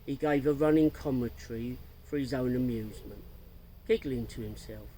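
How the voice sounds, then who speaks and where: Man reading a story, mellow and slow. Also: medium pitch, a little hiss or hum, poor audio. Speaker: narrator.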